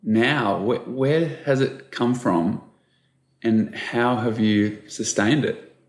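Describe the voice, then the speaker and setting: A male podcast host who asks measured, thoughtful interview questions. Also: medium pitch, echoey room.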